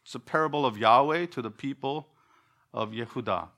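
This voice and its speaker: Male Bible teacher, emphatic, explanatory lecture delivery, mid pitch. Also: brisk, a bit bright. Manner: explanatory, emphatic, repeats words while thinking.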